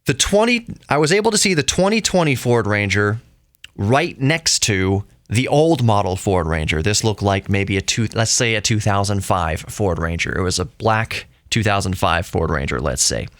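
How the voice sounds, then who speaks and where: A man's voice: lowish voice, lively intonation, moderate pace, a bit bright, no room sound, clean studio sound. A man hosting a solo podcast, rambling conversationally and often correcting himself mid-sentence. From United States. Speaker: podcast host.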